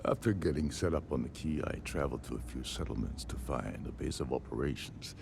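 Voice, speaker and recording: In game dialogue, an actor voices a sardonic older man, a jailed former ship captain who is dry and resigned. The very deep, creaky voice has lively intonation and is heavily acted, delivered in a wry, measured, resigned mood over a noisy background.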